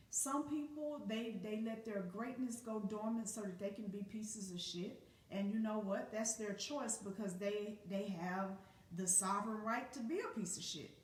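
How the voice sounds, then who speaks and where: A woman giving a casual motivational talk as a spiritual teacher, speaking bluntly and emphatically with plenty of profanity. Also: medium pitch. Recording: echoey room, distant from the mic.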